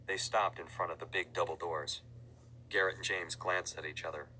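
Man, storybook narrator, very deep voice, sharp tone, faint hum. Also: steady tone, normal speed, low-quality recording. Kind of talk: audiobook reading.

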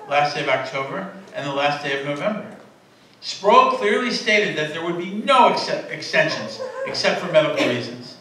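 A man's voice: fairly high pitch, pushed and bright, slight background noise. Man preaching in a very echoey church. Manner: conversational, self-correcting, laughing asides to the congregation. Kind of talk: sermon. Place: church sanctuary. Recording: very echoey room, voice from a distance.

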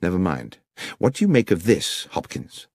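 A man voicing a brisk, incisive male detective in an audiobook, with crisp, precise diction. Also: sits low, sing-song, a little mellow, no room sound, studio quality, exaggerated voice. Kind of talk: audiobook character reading.

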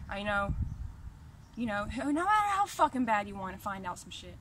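Woman, high voice, sharp tone, angry profane rant, confrontational, at home. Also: sing-song, normal speed, long pauses, a little hiss or hum. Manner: heated, profane, repetitive, confrontational. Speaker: vlogger. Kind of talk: angry direct-to-camera rant. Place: her home. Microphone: camera.

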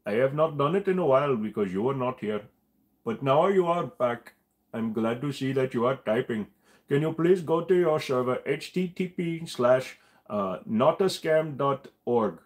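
A man's voice: mid-range voice, lively intonation, normal speed, pitched above the performer's own voice, lightly acted. A man voicing a pushy male scam caller, who keeps wheedling and promising that everything is fine. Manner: wheedling, repeats "trust me".

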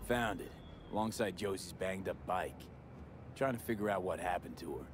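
A man voicing a calm video game mercenary who asks probing, matter-of-fact questions. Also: low-pitched, normal speed, background noise, natural voice. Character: calm male mercenary investigating a missing rider.

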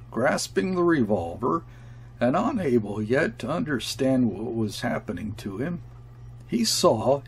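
A male audiobook narrator reading a classic story in a measured way. His voice is husky and gravelly, and he takes his time over each phrase. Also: medium pitch.

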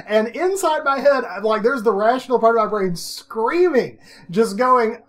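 A middle-aged man with a slightly high voice tells a creepy personal story in a casual, chatty way. He is self-mocking and animated, laughs often, and acts out his own past lines. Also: a little slow. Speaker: vlog host telling a personal story.

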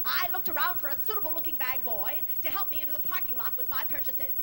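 Bawdy brassy lady in her 40s cracking old jokes onstage, high-pitched, band music behind. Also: lively intonation, quick pace, low-quality recording. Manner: bawdy, brassy, teasing the audience. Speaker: singer and comedian on stage. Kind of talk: live stand-up joke telling in concert. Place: large concert hall stage.

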